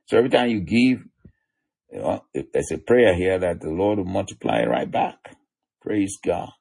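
A man's voice: animated, normal speed, darkish tone. A man preaching a sermon, reading scripture verses aloud and explaining them with casual asides. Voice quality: gravelly, husky low voice. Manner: reads scripture aloud, chuckles between points.

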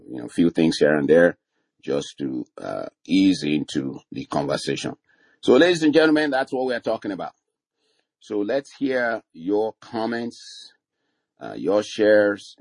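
A man's voice: low-pitched, darkish tone, breathy edge, no room sound. An older man preaching informally to a discussion room, chatting with listeners, quoting scripture with rising emphasis and chuckling often. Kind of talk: informal sermon talk.

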